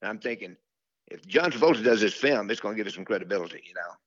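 An older man talks through his career in a low, unhurried voice, losing the thread now and then and circling back with fillers. The sound is dull and dry, with no room around it. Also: animated, breathy edge, dry recording. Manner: rambling, many fillers and restarts. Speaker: country singer, interview guest. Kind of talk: relaxed storytelling interview.

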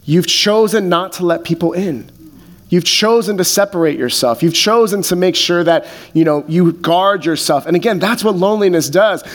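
A man with a notably high voice preaching a sermon as a pastor. His delivery is relaxed and conversational, dotted with jokes and filler words. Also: normal speed. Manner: casual and joking, many fillers.

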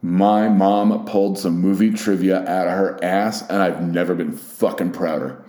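A man's voice: deep voice, steady tone, moderate pace, warm tone. A young man hosting a casual solo podcast, rambling and self-deprecating with plenty of swearing. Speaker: podcast host. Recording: roomy echo.

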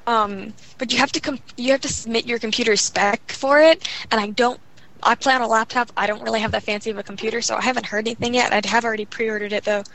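Young adult woman, casual guest, fast rambling delivery full of fillers. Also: on the high side, steady tone, fairly bright tone, rough recording. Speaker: guest gamer. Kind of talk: casual chat.

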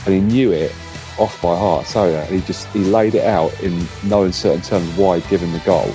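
A middle-aged man telling a lively story in casual chat, acting out what others said. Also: sits low, normal speed, soft background music. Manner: animated storyteller, acts out quotes. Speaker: co-host.

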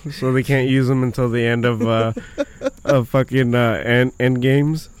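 A man's voice: mid-range voice, fairly even intonation, measured pace, clear, resonant tone. A man co-hosting a podcast in a studio, joking, swearing and explaining things for the listeners. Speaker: podcast co-host. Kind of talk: casual chat.

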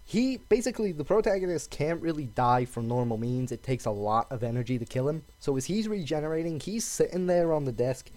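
A man co-hosting a podcast, recounting an anime scene in casual, animated chat. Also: fairly high pitch, a little fast, hardly any pauses. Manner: animated storytelling. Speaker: podcast co-host.

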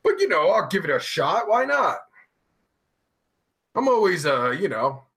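A man with a New Jersey accent hosting a casual live-stream chat, crude and profane, joking with loud outbursts. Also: high voice, big pitch swings, a little slow. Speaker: live show host.

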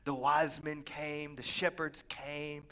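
A man preaching a lively, conversational Pentecostal sermon, swinging from quiet asides to fervent shouts. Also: fairly high pitch, slow. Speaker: pastor.

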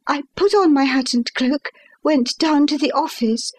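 Narrating a classic first-person tale, this high-voiced audiobook reader takes a storyteller's unhurried pace. Her tone is expressive yet measured throughout.

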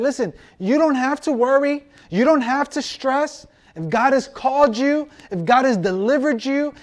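A male pastor preaching a sermon, asking many rhetorical questions and slowing down to drive points home. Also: sits high, a little mellow.

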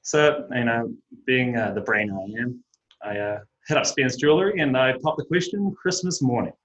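A young man with a New Zealand accent, telling stories as a podcast guest in a relaxed, self-mocking way. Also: mid-range voice, normal speed. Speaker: guest, baseball pitcher and teacher. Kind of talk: casual podcast chat. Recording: dull lo-fi audio.

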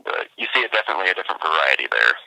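A man's voice: very deep voice, sing-song, racing, gravelly, bright, forceful tone, dry recording, poor audio. A man who races obstacle courses, chatting easygoingly with many fillers. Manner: easygoing, laughs often, trails off with fillers. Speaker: obstacle racer guest. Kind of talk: casual chat.

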